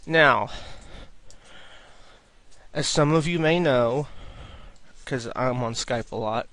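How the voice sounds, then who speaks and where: A man's voice: mid-range voice, slow pace, fairly bright tone, no room sound. A young man answering viewer questions in a casual, rambling video, often repeating himself and restarting sentences.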